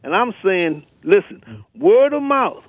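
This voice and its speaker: A man's voice: high-pitched, lively intonation, takes it slowly, no room sound. Fiery male caller on a tinny phone line. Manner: fiery, emphatic, repeats rallying lists. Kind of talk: impassioned radio call-in rant. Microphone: telephone.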